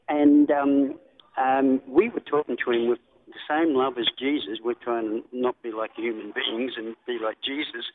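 A man with an Australian accent calling in to a radio show, talking casually and rambling with many ums and restarts. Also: mid-range voice. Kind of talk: casual phone call. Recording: tinny phone line.

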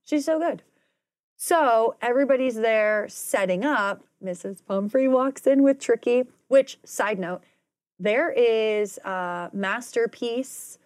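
A woman's voice: fairly high pitch, slow pace, a little mellow, dry recording, clean studio sound. A woman co-hosting a podcast, chatting casually and rambling through a recap with side notes and acted-out quotes. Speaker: podcast co-host.

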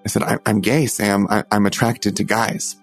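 A man's voice: fairly low pitch, little pitch movement, vocal fry, faint music behind. Earnest young man telling a personal story. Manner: earnest, halting, many restarts and fillers. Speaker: storyteller recounting his coming out.

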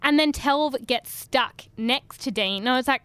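A woman's voice: high-pitched, a little slow, few pauses, fairly bright tone, smooth, no echo. A woman co-hosting a podcast, telling the story of the episode wryly and acting out quotes in a casual chat. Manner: wry, storytelling with acted quotes. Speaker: podcast co-host.

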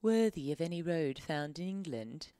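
A woman voicing a pompous Victorian English gentleman in a mock-posh, squeaky, high put-on voice. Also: lively intonation, moderate pace, dry recording.

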